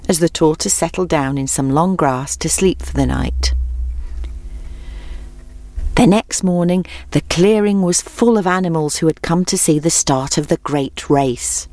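Woman storybook narrator, low voice, measured, dry close sound. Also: a little mellow, no echo. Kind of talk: storybook reading.

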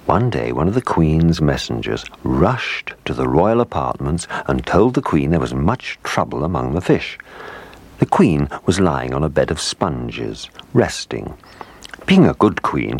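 Very deep-voiced male storyteller. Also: normal speed, breathy edge. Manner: expressive storytelling. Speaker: narrator. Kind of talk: children's story reading.

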